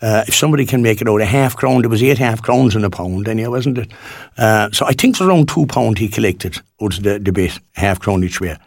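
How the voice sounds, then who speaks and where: A man's voice: fairly low pitch, a little fast, gravelly, no room sound. A Cork Irish man in his sixties presenting local radio in a rambling, folksy chat full of fillers and restarts. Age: 60s.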